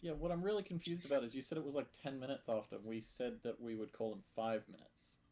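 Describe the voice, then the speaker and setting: A man at a tabletop game with a mellow, darker voice at a middle pitch. He talks through his questions carefully and deliberately. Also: slight background noise. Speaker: player. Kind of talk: casual chat.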